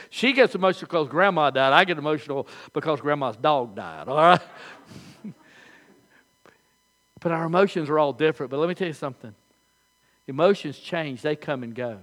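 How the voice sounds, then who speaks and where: Older male pastor, folksy sermon. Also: fairly high pitch. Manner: folksy storytelling, animated, halting restarts.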